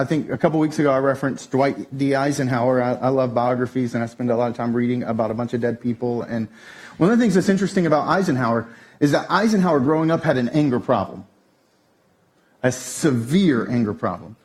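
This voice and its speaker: A man preaching a sermon, telling a family story with lively shifts up into a tense, excited delivery. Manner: animated storytelling, voice jumps high when telling the tense part. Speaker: pastor. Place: church stage.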